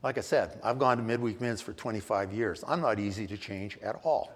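A man's voice: lowish voice, brisk, slightly rough. Wry, candid man in a reverberant hall. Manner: candid, wry, self-mocking storytelling with frequent restarts. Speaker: speaker sharing his recovery story. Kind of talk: personal testimony.

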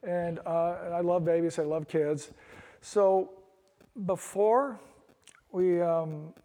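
Middle aged guy sharing his story at a meeting, kinda high voice, candid and rambly, echoey hall. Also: steady tone, takes it slowly, warm tone. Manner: candid, rambling, with wry self-deprecating asides. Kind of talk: personal testimony at a recovery meeting. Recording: long echoey hall reverb.

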